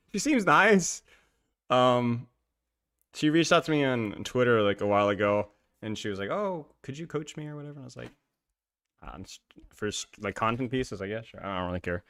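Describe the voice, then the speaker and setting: Lively chatty male streamer. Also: medium pitch, moderate pace, pauses often. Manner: chatty, laughs often, lots of "like" fillers. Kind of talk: casual live-stream chat.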